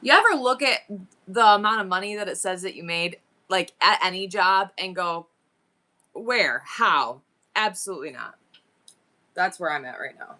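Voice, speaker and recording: A woman live-streaming to her viewers, chatting casually and excitedly as she thinks aloud through her numbers and goals. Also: fairly low pitch, moderate pace.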